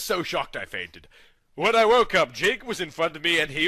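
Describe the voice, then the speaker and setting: A man giving a mock-dramatic comic reading of fan fiction, over the top with sudden loud outbursts. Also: on the high side, very animated, moderate pace, no echo. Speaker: comedy reader.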